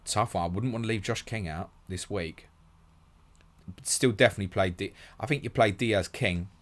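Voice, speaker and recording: A podcast host with a low, slightly bright voice runs a live question stream. Brisk and matey, he reads each question out loud before answering it.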